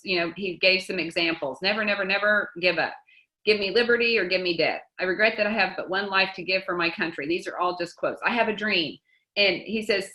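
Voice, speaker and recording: A woman's voice: fairly low pitch, sharp tone. Chatty upbeat woman in an echoey room. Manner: chatty and upbeat, quotes often, laughs easily. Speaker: team leader teaching a book study. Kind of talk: casual group coaching talk.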